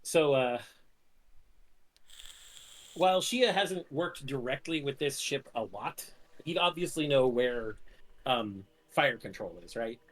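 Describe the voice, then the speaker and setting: A man's voice: mid-range voice, animated, slow, pauses often. A man playing a tabletop role-playing game, narrating his character's actions in a casual, rambling way with many fillers. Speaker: player.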